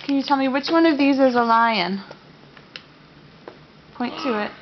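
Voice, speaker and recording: A woman's voice: high voice, unhurried, slight background noise. A mother at home at breakfast, coaxing and praising her toddler in a sing-song voice. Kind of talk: home video chat with a toddler. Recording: dull lo-fi home video.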